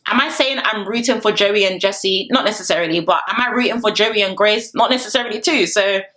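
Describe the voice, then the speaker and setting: Young woman, casual TV review, animated, laughs a lot, mid-pitched voice. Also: a little fast. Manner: animated and chatty, often laughing. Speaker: reality TV reviewer. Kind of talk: casual commentary.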